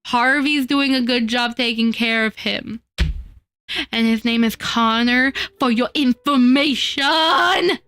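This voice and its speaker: A woman livestreamer talks to her chat in a high, bright voice that never rushes. She swings between playful teasing and exaggerated indignation, while faint music plays behind her. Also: smooth. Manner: animated, mock-indignant banter with chat. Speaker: streamer chatting with live chat while modeling.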